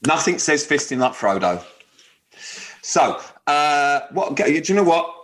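A man's voice: on the high side, sing-song, measured pace, a bit bright, a little hiss or hum. A man co-hosting a radio dating show, chatting loosely, swearing freely and bantering with his co-host. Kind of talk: casual chat.

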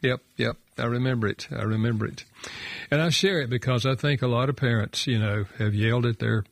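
Older man, gravelly, storytelling guest, reflective, folksy, dry sound. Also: mid-range voice, a little fast, no echo. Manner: reflective, folksy, with many fillers. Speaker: guest author and counselor. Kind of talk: personal storytelling on a radio talk show.

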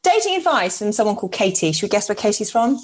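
Lively-voiced female podcast co-host. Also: mid-range voice, fast talker. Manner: lively, laughing, blunt with swearing. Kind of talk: casual chat.

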